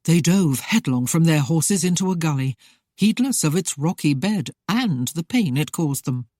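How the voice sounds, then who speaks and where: An audiobook narrator reading a historical romance in a steady, even way. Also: medium pitch, normal speed, no room sound, studio quality.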